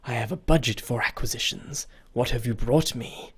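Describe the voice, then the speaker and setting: In a whispered role-play, a mercurial, sharp-toothed scholar breathes out each line with quiet relish, as a man voices the character. The whisper is breathy and soft, pitched in a plain middle range. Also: moderate pace. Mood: eager, breathy.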